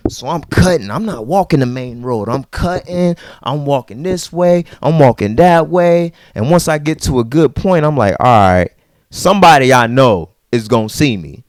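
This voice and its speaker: A man hosting a podcast, telling a story in a casual, animated and profane way and acting out the people in it. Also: medium pitch, moderate pace, no room sound, studio quality. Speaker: podcast host.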